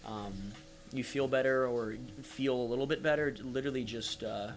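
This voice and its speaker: This livestream host has a medium-pitched voice with fairly even intonation and a moderate pace. Casual and affectionate, he reads viewers' comments aloud and leans on filler words while cheering them on.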